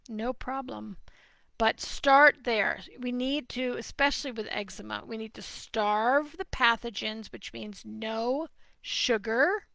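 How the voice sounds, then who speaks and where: A middle-aged woman from New Jersey, answering viewer questions on a live stream in an animated, opinionated, emphatic way. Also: on the high side, no room sound. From New Jersey, USA.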